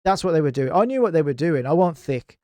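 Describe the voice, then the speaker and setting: Animated, swearing man, crisp voice. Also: fairly high pitch, fast, no room sound. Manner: animated, heavy swearing, acts out others' lines. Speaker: podcast guest, gaming clan founder. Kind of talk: casual podcast storytelling.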